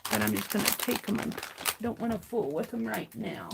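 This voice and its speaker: A woman hosting a crafting livestream, talking slowly and muttering to herself as she works, then greeting her chat. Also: mid-range voice, lively intonation, creaky, very noisy. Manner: slow, muttering to herself while working, greets chat warmly. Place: home craft studio.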